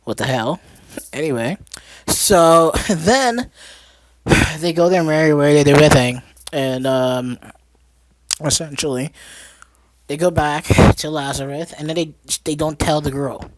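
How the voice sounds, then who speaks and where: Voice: medium pitch, a little slow, long pauses. A podcast host who rambles through a casual movie recap, full of fillers and restarts and laughing along the way.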